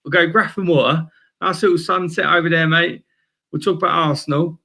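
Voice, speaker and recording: A young man talking football in an energetic, slangy casual chat, calling everyone mate. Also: fairly high pitch, brisk, vocal fry. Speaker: guest fan. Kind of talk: casual fan chat stream.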